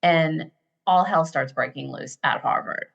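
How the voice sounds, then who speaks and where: Gravelly-voiced woman telling stories. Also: low-pitched, measured pace, highs cut off. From United States. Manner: animated, acts out quoted voices, many fillers. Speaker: podcast guest. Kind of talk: casual storytelling chat.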